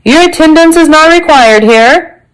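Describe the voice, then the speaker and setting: A woman's voice: high voice, measured pace, voice pushed up. A woman voicing a brusque, pompous male police inspector in a storybook.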